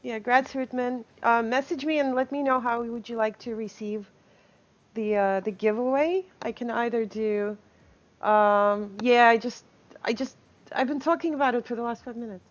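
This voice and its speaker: A woman's voice: on the high side, fairly even intonation, moderate pace, muffled recording. A woman streaming live, chatting casually with viewers, reading chat aloud and laughing often.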